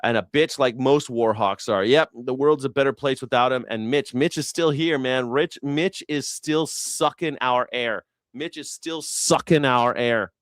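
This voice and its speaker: A man's voice: medium pitch, unhurried, few pauses, smooth, no room sound. A man hosting a news reaction show, heckling and mocking with crude sarcasm. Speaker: host.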